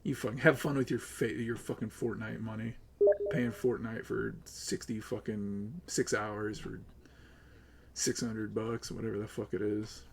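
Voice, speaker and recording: A man streaming live, ranting with lots of swearing, upset and close to tears, swinging between loud outbursts and low mutters. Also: flat delivery, unhurried, vocal fry, slightly rough. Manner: profane, agitated, swings between yelling and muttering. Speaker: livestreamer.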